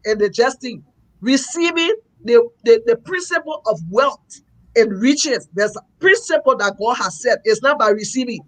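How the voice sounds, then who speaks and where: A man's voice: extremely high pitch, lively intonation, brisk, a bit bright, low-quality recording. A man, a pastor co-hosting a talk show, speaking earnestly in a preachy, repetitive way. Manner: earnest, preachy, repeats himself. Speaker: pastor and co-host. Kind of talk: opinionated talk-show commentary.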